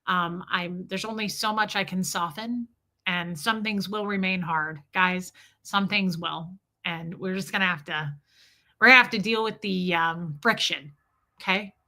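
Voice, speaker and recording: A woman's voice: on the low side, unhurried, pushed and bright. A woman vlogger telling a story to her viewers and answering their comments in a candid, chatty way, often laughing and addressing the audience.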